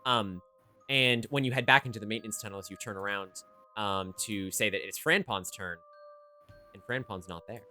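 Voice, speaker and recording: A man narrating a live tabletop game as game master, filling pauses with many ums. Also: lowish voice, bright, forceful tone, soft background music.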